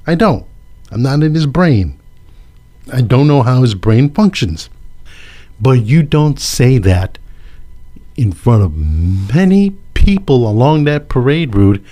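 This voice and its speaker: A male local political commentator talks at an unhurried, deliberate pace. His pitch swings widely as he presses his points. He hammers phrases again and again and slips in sarcastic asides. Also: warm tone. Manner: emphatic and repetitive, sarcastic asides. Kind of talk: casual opinion monologue.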